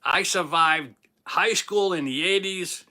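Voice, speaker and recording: High-pitched, slow and bright with a forceful tone, a man in his fifties with a Boston accent hosts a relaxed livestream. He's from Boston, Massachusetts, and he jokes, chats and teases himself while reading out viewer comments.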